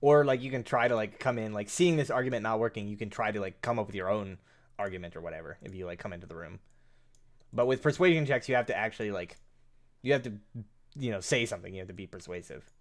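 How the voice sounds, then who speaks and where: A man narrating a tabletop game as game master, halting with frequent fillers and restarts. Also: fairly low pitch. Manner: hesitant, many fillers and restarts.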